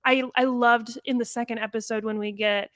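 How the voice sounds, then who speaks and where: A woman co-hosting a podcast in casual chat, animated and quick, with frequent "like". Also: on the high side, no room sound. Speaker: podcast co-host.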